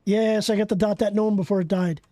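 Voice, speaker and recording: A streamer giving excitable, profane live commentary while playing a game and bantering with viewers. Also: medium pitch, brisk, no echo. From Canada.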